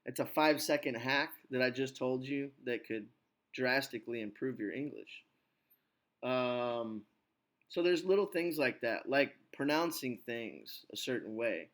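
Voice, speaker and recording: A male English teacher on a video call, slightly sick and now and then clearing his throat. His voice sits at an ordinary pitch. He coaches in a relaxed, rambling way, leaning on "you know" as he explains. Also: unhurried. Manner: chatty, coaching, many "you know" fillers. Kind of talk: online English lesson.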